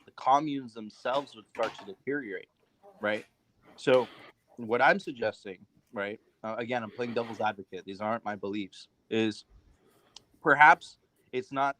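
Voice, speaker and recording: A man's voice: medium pitch, a bit bright, a little hiss or hum, rough recording. A man from the United States talking casually as a podcast host, loose and conversational, with many fillers and restarts.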